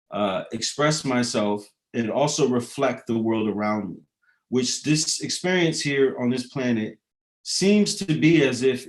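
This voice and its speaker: A man who raps talks in a casual, rambling monologue. He swears freely and drifts between loose jokes and philosophical musings, with plenty of fillers along the way. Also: mid-range voice. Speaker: rapper.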